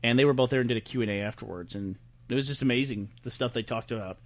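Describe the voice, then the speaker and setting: Podcast co-host, male, quick and chatty, animated storyteller. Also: mid-range voice. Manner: animated storyteller, breaks down numbers. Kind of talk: casual chat.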